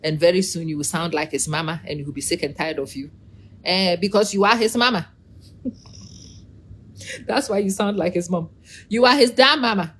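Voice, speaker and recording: A middle-aged woman giving a casual, animated opinion monologue, preachy and teasing, calling out to viewers by name. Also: on the low side, normal speed, long pauses, breathy edge. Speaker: vlogger.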